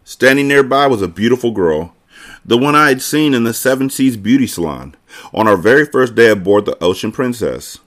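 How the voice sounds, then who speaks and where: A man, host of a podcast, reading a children's novel aloud with casual, expressive delivery. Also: on the low side. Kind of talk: book reading narration.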